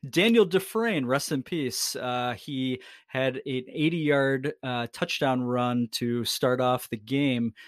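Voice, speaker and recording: A man in his thirties rambles through casual sports talk on a podcast, swearing freely and poking fun at himself. His voice sits at an ordinary middle pitch. The sound is close and dry, with no room in it. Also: slow pace, few pauses, dry recording. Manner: rambling, profane, self-deprecating jokes. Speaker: podcast co-host.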